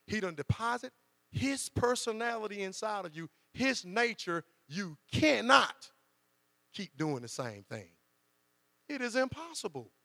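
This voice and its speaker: A man preaching, his voice high and gravelly. He talks to the congregation like a friend and acts out quotes. The hall gives a long reverb, and a low mains hum runs underneath. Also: sing-song, a little slow, sharp tone. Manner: conversational preaching with dramatized quotes. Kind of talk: sermon.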